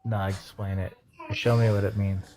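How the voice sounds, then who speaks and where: A man's voice: on the low side, level tone, normal speed, mellow. Trolling man with a fake Australian accent. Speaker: caller. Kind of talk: live online debate.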